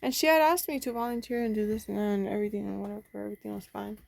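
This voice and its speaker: A woman's voice: mid-range voice, steady tone, rapid-fire, vocal fry. A young woman venting bluntly in a candid home vlog, frustrated and swearing freely. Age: young adult. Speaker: vlogger. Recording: noticeable background noise.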